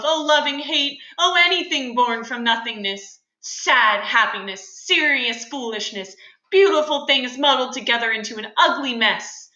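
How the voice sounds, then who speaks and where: A brooding young man pours out his lovesick complaints in melodramatic sighs, read aloud by a woman. The voice is bright and a little high. It rings in a roomy space. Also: lo-fi sound. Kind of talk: reading a play aloud. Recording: roomy echo.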